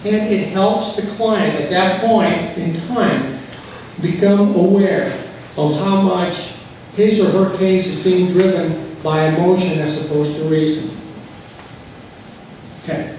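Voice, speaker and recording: Slow-spoken man lecturing in echoey room. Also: sits high, fairly even intonation, a little mellow, slight background noise. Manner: slow, deliberate, acts out quoted dialogue. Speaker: settlement conference trainer. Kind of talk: training lecture. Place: courtroom or conference room. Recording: far-off mic in a very echoey room.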